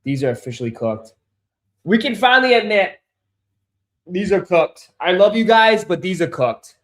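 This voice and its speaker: A man hosting a casual sneaker livestream who swears, gets easily frustrated and calls his viewers bro and dude, turning loud and insistent when he makes a point. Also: high-pitched, big pitch swings, normal speed. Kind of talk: casual live-stream chat. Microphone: desk microphone.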